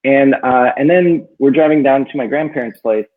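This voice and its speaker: A man with a slightly husky voice tells a long personal story in a loose, rambling way, full of fillers and restarts. The sound is thin and phone-like. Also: medium pitch, moderate pace. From northern Minnesota. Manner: rambling, many fillers, lively when quoting himself. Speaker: book club co-host. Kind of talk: casual storytelling chat. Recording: tinny phone-like audio.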